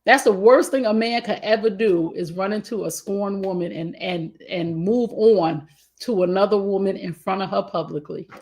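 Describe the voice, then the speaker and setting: A woman's voice: mid-range voice, moderate pace, a little mellow. This is a woman co-hosting a relationship talk show, blunt and emphatic in her advice. She speaks with features and leans into her points like a lecture. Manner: outspoken, emphatic, preachy advice. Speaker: co-host.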